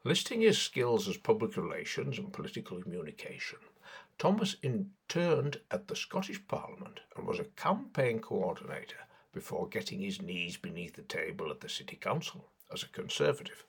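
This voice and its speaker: A man's voice: lowish voice, big pitch swings, normal speed, gravelly, husky. A man delivering sardonic satirical political commentary in a mocking, sarcastic way.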